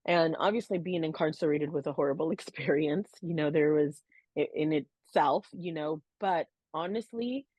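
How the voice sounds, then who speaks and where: A woman's voice: low voice, normal speed, darkish tone, husky, dry recording. A woman co-hosting a podcast, earnestly telling her own story in a heartfelt, casual way, with many "you know"s and "um"s. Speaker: podcast co-host. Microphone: podcast microphone.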